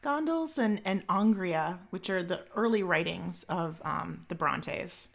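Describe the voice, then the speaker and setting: A young woman co-hosting a casual podcast, her voice a little low and gravelly with vocal fry. She rambles along with lots of fillers and restarts. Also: expressive, unhurried. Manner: chatty, filler-heavy, frequent restarts. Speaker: podcast co-host. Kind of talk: casual chat.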